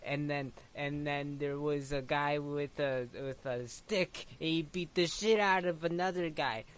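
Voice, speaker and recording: A man's voice: on the high side, steady tone, unhurried, clean tone. A man telling an improvised, rambling story full of stammering restarts.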